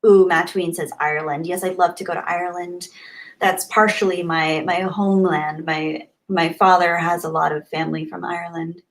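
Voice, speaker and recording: This livestream host has a lowish voice with a level tone and a normal speaking speed. She's at home in Southern California, chatting casually and laughing as she reads out comments from viewers.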